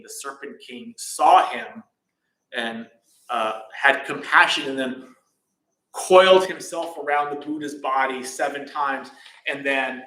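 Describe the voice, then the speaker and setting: A man giving a casual dharma talk in a temple hall, relaxed and chatty, with many fillers and restarts. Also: mid-range voice. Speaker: temple teacher. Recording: echoey hall.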